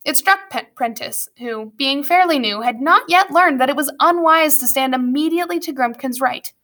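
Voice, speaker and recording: A woman reading a storybook aloud as narrator, with lively storytelling and wry asides. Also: high-pitched, moderate pace. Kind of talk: audiobook narration.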